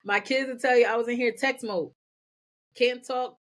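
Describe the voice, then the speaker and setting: A woman guest on a podcast, telling her own story in energetic bursts and often repeating words as she goes. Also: a little high, moderate pace. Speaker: podcast guest, nonprofit founder. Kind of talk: candid personal storytelling.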